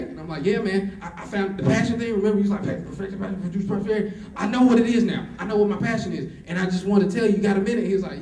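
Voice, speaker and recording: A man giving a motivational talk to college students, telling stories in a lively way and acting out both sides of conversations. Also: high voice, fast. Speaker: motivational speaker. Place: college auditorium. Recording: echoey hall recorded from far off.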